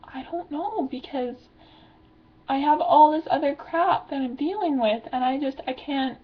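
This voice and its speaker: A woman's voice: sits high, unhurried, dull audio. Stressed teenage girl rambling on webcam. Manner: rambling, filler-heavy, anxious venting. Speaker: vlogger. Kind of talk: confessional video diary.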